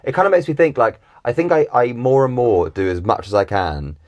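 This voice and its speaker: A man who is a guest on a podcast, talking in an easygoing, relaxed way and often laughing. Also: mid-range voice, a little fast, no room sound. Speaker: podcast guest, actor and coach. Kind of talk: casual conversational interview.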